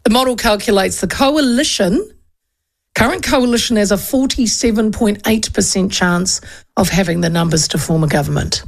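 A woman talks through politics in a loose, chatty way, full of fillers and restarts. Her voice is gravelly with plenty of fry, at a middling pitch. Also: moderate pace. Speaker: talk show host. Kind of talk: casual political commentary.

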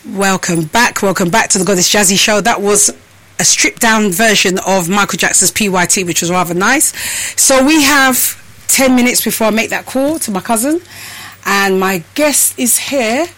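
A woman's voice: medium pitch, normal speed, fairly bright tone, low-quality recording. A woman hosting a casual live-stream show, out of breath and chatting freely with her viewers. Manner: chatty, addresses viewers as people and peeps. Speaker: host.

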